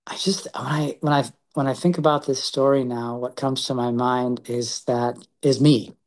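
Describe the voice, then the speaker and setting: A man's voice: mid-range voice, steady tone, darkish tone. Earnest man leading a Bible study. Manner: halting, with frequent repeated words and restarts. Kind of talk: reading scripture aloud and reflecting.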